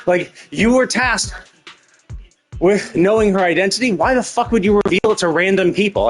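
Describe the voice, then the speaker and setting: A man on a live stream vents about a game's story in a fed-up, cursing rant. His voice sits fairly high, and quiet game music plays underneath. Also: animated, moderate pace. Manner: profane, exasperated ranting. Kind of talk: live gameplay commentary.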